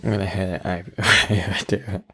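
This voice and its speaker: A man's voice: low-pitched, level tone, moderate pace, pushed and bright, breathy edge. A man co-hosting a casual podcast, crude and sarcastic, often muttering insults under his breath. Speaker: podcast co-host. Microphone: studio mic he keeps bumping.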